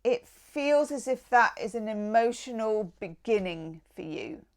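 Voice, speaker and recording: A woman's voice: fairly high pitch, expressive, unhurried, clean tone. A woman giving a tarot reading in a casual, enthusiastic and affectionate way, with chatty asides. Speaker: tarot reader.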